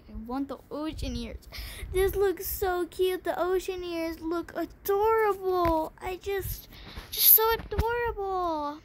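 Excitable high-voiced woman gaming vlogger. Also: measured pace, a little hiss or hum. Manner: excitable, gushing, mock-dramatic complaining. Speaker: gaming channel host. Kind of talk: casual game tutorial chat.

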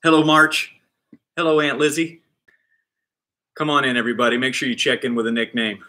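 A man's voice: mid-range voice, a little fast. A man leading a live online kids' PE class, cheering kids on and counting reps with playful energy. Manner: shouts with excitement during exercises. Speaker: kids PE coach.

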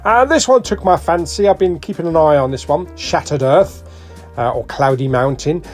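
A man's voice: fairly high pitch, moderate pace, faint music behind. A British man giving a casual, jokey walk-through of a shop's discs and their prices while filming as he goes. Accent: British English. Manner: chatty, jokey, lively, ticks off titles and prices. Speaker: vlogger.

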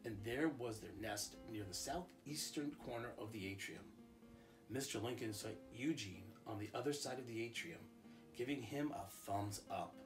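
A man, a school principal, reading a picture book aloud to children in a calm, expressive storytelling voice. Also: medium pitch, normal speed, over music.

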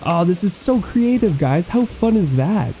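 A man giving excitable, gushing gameplay commentary as he tours a game island, cracking playful puns. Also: sits high, unhurried, faint music behind. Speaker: gaming YouTuber touring an island.

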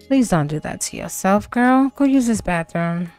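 A woman's voice: mid-range voice, animated, moderate pace, hardly any pauses, a little mellow, soft background music. A woman commenting on her life-sim game as a let's play host, dramatic and slangy, full of exclamations and swearing.

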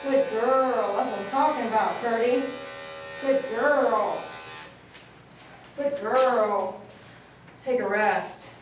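A woman dog groomer who coaxes a dog softly and chats with viewers as she works. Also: on the high side, slow pace, pauses often, far from the mic, a little hiss or hum. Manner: soothing, coaxing talk to a dog, chatty asides to viewers. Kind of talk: livestreamed grooming with running commentary. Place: grooming room. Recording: echoey room, voice a bit off-mic.

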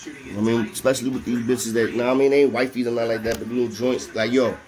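Animated New York man telling a story. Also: mid-range voice, fast, faint music behind. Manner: animated, laughing often, street slang. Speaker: storyteller recalling prison life. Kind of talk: casual storytelling.

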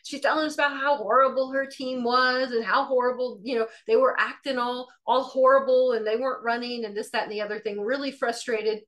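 A middle-aged woman teaching and sharing a personal testimony, telling it conversationally and acting out the dialogue. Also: a little high. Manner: lively storyteller acting out dialogue; conversational, with fillers and restarts. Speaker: Christian teacher.

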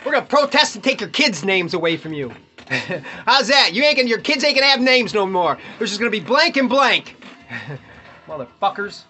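A man's voice: high-pitched, big pitch swings, moderate pace, sharp tone. A man hosting a podcast, ranting bluntly and profanely in casual talk while opening baseball cards, chuckling often. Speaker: podcast host.

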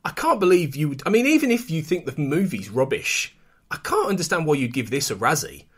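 A man co-hosting a podcast, talking about film music in a relaxed, conversational way with a few stammers. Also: fairly high pitch, a little fast, breathy edge. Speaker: podcast co-host. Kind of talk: casual film music discussion.

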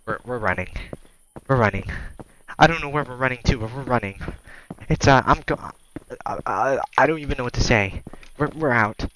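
A man giving crude, profane let's-play commentary on a horror game, joking and yelling when scared. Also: medium pitch, moderate pace, long pauses, low-quality recording. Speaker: gamer playing a horror game.

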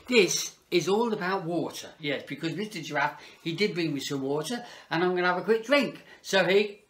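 A man's voice: a little high, pushed and bright, slight background noise. A man, working as a children's entertainer, chatting playfully to kids and a puppet. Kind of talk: children's party entertainer talk.

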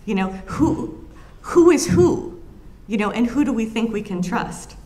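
A woman historian giving a public lecture, telling anecdotes in an animated way with frequent ums and restarts. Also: a little high, a little slow.

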